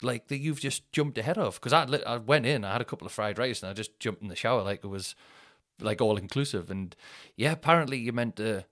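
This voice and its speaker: A man's voice: lowish voice, lively intonation, fast talker, fairly bright tone. A man, hosting a comedy podcast and telling a self-mocking story in a casual, anecdotal way, swearing freely. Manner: swears freely, mocks himself.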